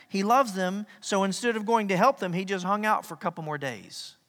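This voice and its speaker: A male pastor preaching a sermon, animated, swinging from loud emphasis to near-whispers. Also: high voice, brisk. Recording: echoey hall reverb.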